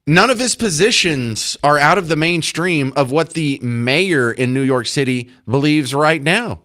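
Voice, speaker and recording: A man's voice: fairly high pitch, animated, a little slow, a bit bright. A male talk radio host commenting sarcastically and acting incredulous at clips.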